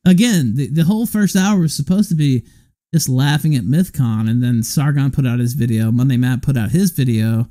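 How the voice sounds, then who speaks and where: A man's voice: mid-range voice, normal speed, mellow. A man hosting a live stream, asking leading questions in a sarcastic, casual way. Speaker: stream host.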